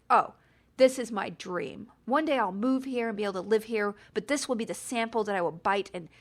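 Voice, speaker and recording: A woman in her forties hosting a podcast, telling a story in a chatty, animated way with self-deprecating asides. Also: a little high. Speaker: podcast host. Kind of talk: casual storytelling.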